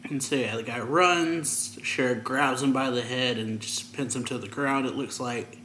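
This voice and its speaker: A man's voice: mid-range voice, moderate pace, pushed and bright. A man casually recapping a manga chapter as a reviewer, in a loose telling full of fillers. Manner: loose, filler-heavy retelling. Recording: roomy echo, faint ambient noise.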